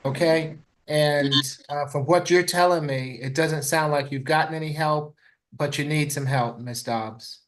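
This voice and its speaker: A man serving as judge, giving a formal ruling in a courtroom in a measured way with some hesitations. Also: fairly high pitch, steady tone, low-quality recording.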